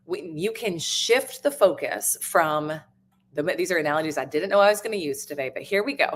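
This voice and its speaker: A woman hosting a podcast, giving a reflective, earnest motivational talk from a live stream, with many fillers and restarts. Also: on the low side. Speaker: podcast host and business coach.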